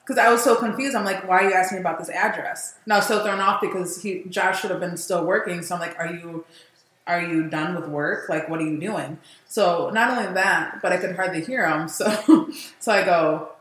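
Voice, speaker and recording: A woman co-hosting a podcast, telling a story in a blunt, animated way and laughing often. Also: on the low side, a little fast, roomy sound, poor audio. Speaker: podcast co-host. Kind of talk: casual chat.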